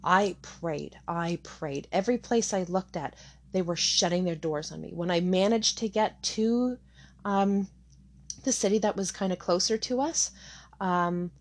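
A woman's voice: mid-range voice, normal speed, a little mellow. A middle-aged woman telling her own hard story candidly, with many fillers and restarts. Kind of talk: personal testimony.

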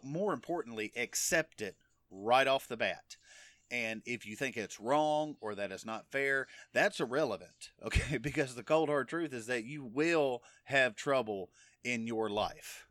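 A man's voice: mid-range voice, fairly bright tone, no room sound, clean studio sound. A middle-aged man teaching from the Bible in a casual, emphatic way, often checking in with "okay?". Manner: conversational, emphatic, frequent "okay?" check-ins. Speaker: preacher.

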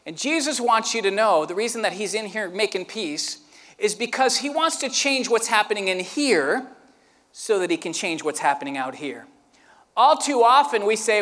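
High, bright-voiced animated preacher. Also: male voice, moderate pace, long reverb tail. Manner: animated storyteller, acts out scenes with sound effects. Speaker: pastor. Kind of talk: sermon with storytelling.

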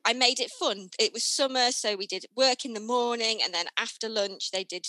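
Woman, podcast co-host, bright tone, candid animated storyteller. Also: a little high, normal speed, no room sound, rough recording. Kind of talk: casual chat.

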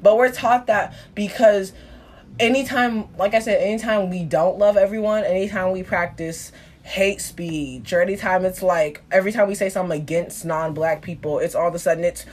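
Young woman, teens, casual discussion, animated, mimics others, mid pitch. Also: moderate pace. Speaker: guest.

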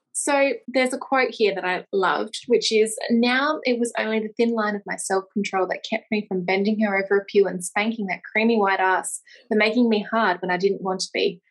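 A young adult woman co-hosting a podcast, relaxed and wry, reading quotes aloud in casual chat. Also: mid-range voice, moderate pace. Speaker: podcast co-host.

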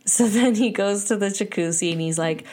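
A young adult woman hosting a casual podcast, retelling scenes with lively quoted voices. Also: moderate pace. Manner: animated retelling, quotes people in jumpy high voices. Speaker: podcast host. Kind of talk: casual recap chat.

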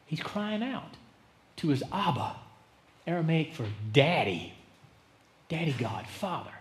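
A male pastor preaches with drama, rising to loud emphasis and dropping to hushed words. His voice sits a bit high for a man. The sound rings around a roomy church sanctuary. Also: big pitch swings, takes it slowly. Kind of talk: sermon.

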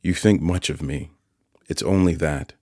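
A man voicing a troubled young boy in an audiobook, quiet and downcast, close to his own reading voice. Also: rumbling low, measured pace, no echo.

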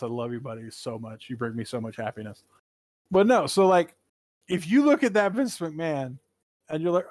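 A man co-hosts a casual gaming podcast, talking in an animated, profane, rambling way with sudden pitch jumps. There is no room sound.

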